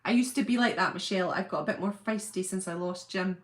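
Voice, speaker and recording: A woman's voice: on the low side, fast. A middle-aged woman hosting a casual livestream, chatting and laughing as she greets viewers by name. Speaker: channel host. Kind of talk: casual livestream chat reading viewer comments.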